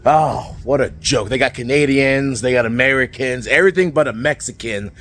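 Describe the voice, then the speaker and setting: A man cutting a brash, rambling comedic wrestling promo, full of fillers and sudden yells. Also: medium pitch, normal speed, faint music behind.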